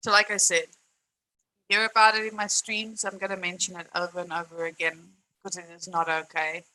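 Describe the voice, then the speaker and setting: Bright-voiced woman ranting on stream. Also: lowish voice, level tone, a little fast, low-quality recording. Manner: frustrated, emphatic, swears, repeats herself. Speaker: live streamer. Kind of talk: live-stream rant.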